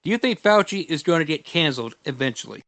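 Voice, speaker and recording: A man on a podcast talking in a casual, excitable, mocking rant. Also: fairly high pitch, quick pace, creaky, no echo. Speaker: podcast regular. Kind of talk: casual chat.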